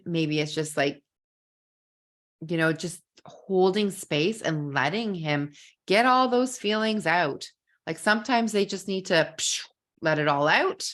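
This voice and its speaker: A middle-aged woman coaching parents in a relaxed, talky masterclass. Her voice sits a little low, and she keeps dropping "like" as she talks. Every so often she jumps up into playful acted-out quotes. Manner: chatty, many "like" fillers, acts out quoted lines. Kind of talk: live masterclass teaching.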